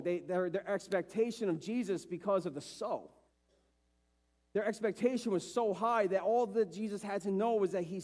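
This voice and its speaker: A man pastor preaching a sermon with passion, acting out the voices of people he quotes. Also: mellow. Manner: impassioned, acts out dialogue with rising pitch. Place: church sanctuary. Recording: long church hall reverb.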